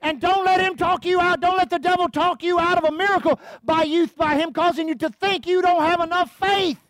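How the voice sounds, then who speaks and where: A man's voice: extremely high pitch, steady tone, fairly quick, fairly bright tone, no room sound. A man preaching a fervent sermon, calling out to the congregation and reading scripture aloud. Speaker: pastor.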